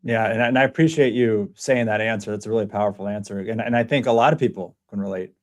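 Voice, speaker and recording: A man hosting a casual interview podcast, retelling stories with lively quoted voices. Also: fast. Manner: animated storyteller, voices quotes in a high excited tone. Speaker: podcast host.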